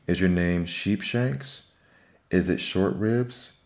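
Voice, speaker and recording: A man voicing an anxious queen who asks slow, careful questions in a storybook reading. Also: low voice. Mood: questioning. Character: anxious young queen guessing names.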